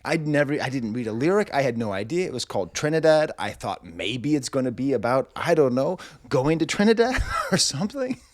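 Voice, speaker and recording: A man's voice: medium pitch, very animated, fairly quick, no room sound, clean studio sound. A middle-aged man reviewing music, telling a long story in a rambling, wry way full of comic asides, indoors in a rental house.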